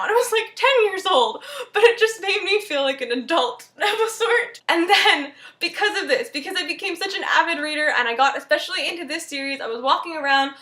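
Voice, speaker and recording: A young woman talking to camera as a book vlogger, telling a story in a chatty, animated way with many "like" fillers. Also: high-pitched, echoey room.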